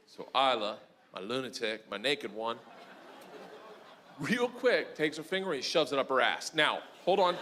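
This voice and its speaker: A middle-aged man doing a stand-up routine, telling a story loudly and excitably and bursting into shouts. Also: mid-range voice, measured pace. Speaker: stand-up comedian. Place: live comedy stage before an audience. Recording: noisy live stand-up recording.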